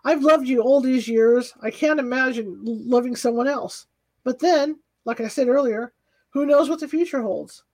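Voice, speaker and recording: A woman reading an audiobook, voicing a stubborn, gruff older husband in a low, subdued, hesitant way. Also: normal speed, darkish tone, dry recording. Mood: wistful. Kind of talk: audiobook character voice.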